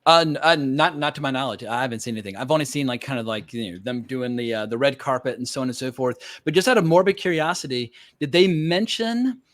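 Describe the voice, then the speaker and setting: A man's voice: medium pitch, fast talker, few pauses, a bit bright, no room sound. Man, podcast host, casual chat, opinionated, rambling with fillers, dry close sound.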